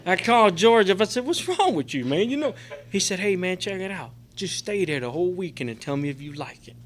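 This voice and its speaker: A man's voice: high voice, brisk, a little hiss or hum. A middle-aged man giving an emotional, profane personal testimony to a recovery group, rambling and filling with "man" and "you know". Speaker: recovery convention speaker. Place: convention meeting room.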